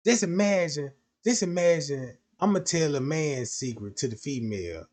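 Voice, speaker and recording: A man streaming a casual, rambling monologue, slangy and full of repeated fillers. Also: medium pitch.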